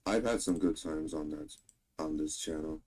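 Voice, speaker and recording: A deep-voiced man chats about clips in a low-key, hesitant way. His tone is dark and mellow, with a husky edge. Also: moderate pace. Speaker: stream co-host. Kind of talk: casual reaction chat.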